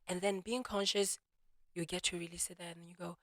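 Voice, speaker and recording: A man hosting a solo podcast, talking through his thoughts in a reflective way and often pausing to search for words. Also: high-pitched, little pitch movement, fairly bright tone, dry recording. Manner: thoughtful, searching for words, many restarts and "you know"s. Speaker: podcast host.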